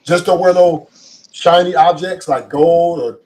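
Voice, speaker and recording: A man with a Los Angeles accent, talking in a streetwise, emphatic way as a podcast guest. His voice sits somewhat high for a man. He sounds a little away from the mic. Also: a little slow, a little mellow, far from the mic. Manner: streetwise, emphatic, repeats himself. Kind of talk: casual podcast conversation.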